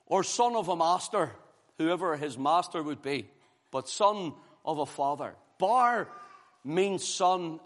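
Preacher guy, kinda high voice, hammering lines over and over, big echoey hall. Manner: emphatic, repeating phrases with rising force. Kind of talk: sermon. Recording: long hall reverb.

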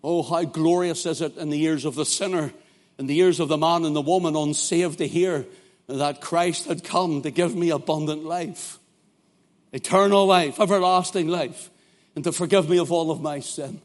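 A man's voice: on the high side, steady tone, normal speed. Fervent Northern Irish preacher man. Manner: fervent, swinging from hushed storytelling to loud shouting. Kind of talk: sermon.

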